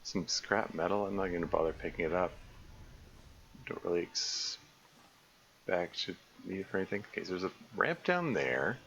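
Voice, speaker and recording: Here a man with a low, slightly bright voice sounds animated, keeping a moderate pace with long pauses. He's loosely narrating a survival game on a live stream, rambling, correcting himself, and stumbling into frequent restarts. The recording has faint noise and the slightly dull quality of a lo-fi mic.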